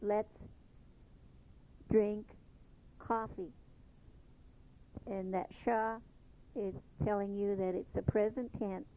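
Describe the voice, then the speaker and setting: A woman teaching a language lesson, patiently repeating each phrase slowly before explaining it. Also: mid-range voice, level tone, slight background noise. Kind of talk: slow spoken language lesson. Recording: tinny phone-like lo-fi recording.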